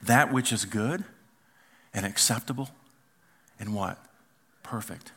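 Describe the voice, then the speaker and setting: A man preaching a sermon as pastor, animated, acting out quoted voices and dropping to quiet asides. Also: lowish voice, slow, breathy edge.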